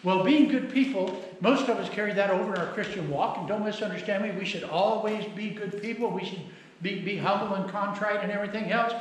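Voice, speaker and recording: Speaking briskly in a high voice, a middle-aged pastor delivers his sermon through folksy storytelling, voicing the characters he quotes. He's in a church sanctuary, and the recording captures a very echoey hall with faint background noise.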